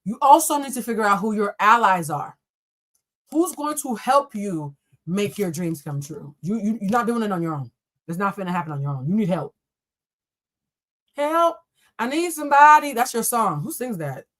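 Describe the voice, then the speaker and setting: A woman reads tarot on a live stream. She is animated and blunt, and she talks straight to her viewers and swears freely. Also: medium pitch, normal speed. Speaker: tarot reader.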